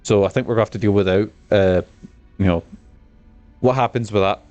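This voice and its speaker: A man's voice: on the low side, a little fast, a little mellow, clear, resonant tone, dull audio, soft background music. A man chatting casually while streaming a game, enthusiastic and swearing freely. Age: adult. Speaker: gaming streamer. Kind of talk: casual gameplay commentary.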